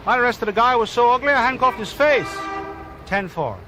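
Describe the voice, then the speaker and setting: A man's voice: very high-pitched, animated, fairly quick, noisy background, pitched above the performer's own voice. A man putting on a wisecracking male beat cop telling corny stand-up jokes. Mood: hammy. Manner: corny one-liner delivery.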